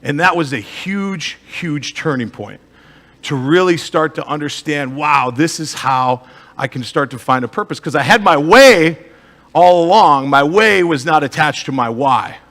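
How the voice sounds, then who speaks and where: A man's voice: a little high, animated, a little slow, a bit bright, long reverb tail. A man, a motivational speaker and life coach with an Upper Midwest American accent, giving an emphatic live talk to an audience and asking the crowd rhetorical questions. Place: stage in a hall.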